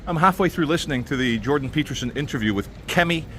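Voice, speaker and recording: A man's voice: fairly high pitch, expressive, quick pace, fairly bright tone, slight background noise. A man vlogging as he walks outdoors through a city, talking in a sardonic, ranting way. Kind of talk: walking vlog commentary.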